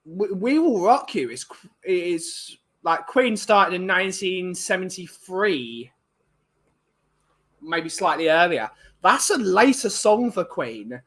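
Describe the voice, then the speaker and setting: Guy, young, high bright voice, loose opinionated chat to his viewers. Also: sing-song, slow pace. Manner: rambling, opinionated, many restarts. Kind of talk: casual chat.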